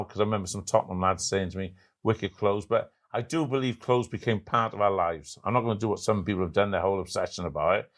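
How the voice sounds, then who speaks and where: A man's voice: on the low side, a bit bright. A middle-aged man talking as a guest in a casual chat. He tells stories emphatically and keeps asking if others agree. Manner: rapid, emphatic, asks for agreement.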